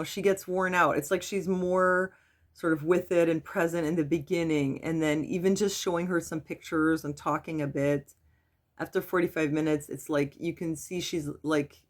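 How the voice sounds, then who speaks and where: A middle-aged woman giving a casual, halting personal update to her webcam, with frequent restarts. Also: low voice. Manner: soft, halting, with many restarts and fillers. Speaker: vlogger.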